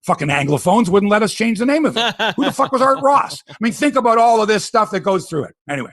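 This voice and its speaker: A man hosting a sports podcast, ranting in animated, profane casual talk. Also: high voice, fast talker, dry recording.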